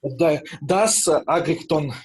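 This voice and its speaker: Male student, slightly higher voice, slow, halting questions. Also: a little mellow. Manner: halting, repeating words. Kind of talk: asking questions on a video call.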